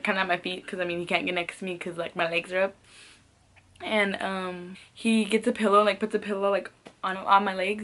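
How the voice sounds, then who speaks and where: Her voice is medium in pitch, creaky and a little bright as this young vlogger rambles through a casual storytime. She swears, leans heavily on "like," and laughs in between phrases.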